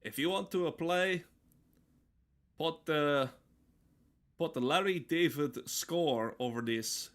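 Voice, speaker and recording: A man's voice: on the high side, takes it slowly, long pauses, fairly bright tone. A man giving comedic let's-play commentary, rambling with absurd jokes and asides as he plays. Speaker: gameplay commentator.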